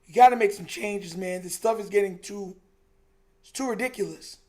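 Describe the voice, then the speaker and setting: A man's voice: sits high, moderate pace, a little mellow. A young man hosting a live stream, reacting to a football game in casual, frustrated, emphatic chat. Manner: frustrated, emphatic, repeats himself, says "bro" a lot.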